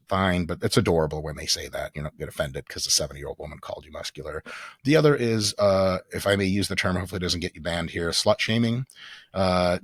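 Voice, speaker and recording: A man, a podcast guest, telling joking stories in an animated, profane way. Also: lowish voice, vocal fry, breathy edge, no room sound, studio quality. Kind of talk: casual comic storytelling.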